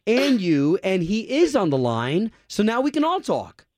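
A man's voice: sits high, wildly swooping pitch, a little slow, darkish tone, dry recording, studio quality. A male radio morning show host running a call-in segment, upbeat and steering the conversation.

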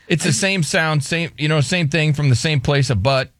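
Joking male radio host, lively voice. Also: a little high, brisk, no room sound, studio quality. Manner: joking, playful, teasing. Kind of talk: casual radio banter.

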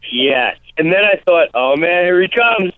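A man's voice: high voice, no echo. Rambling man on a tinny phone line. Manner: rambling, lively, slips into quick impressions of people. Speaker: guest comedian. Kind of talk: casual interview chat.

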